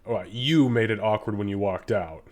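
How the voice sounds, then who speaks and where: A man with a lowish, nasal voice, stuffed up from a cold, hosts a live tabletop game. He rambles casually with fillers and the odd swear, then reads a session recap. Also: moderate pace, darkish tone. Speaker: game master. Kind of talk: casual live-stream chat.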